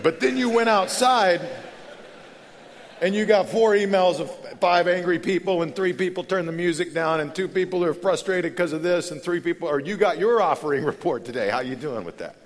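A man preaching at a conference, candid and conversational, moving from hushed reflection to loud, animated storytelling. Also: high voice, normal speed, slight background noise. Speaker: pastor. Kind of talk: conference sermon. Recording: long hall reverb.

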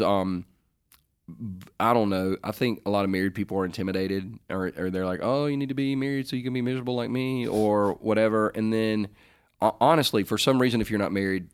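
A middle-aged man with a fairly low voice answers listener questions in a casual faith chat. He jokes, rambles, and corrects himself as he goes. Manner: joking, rambling, self-correcting.

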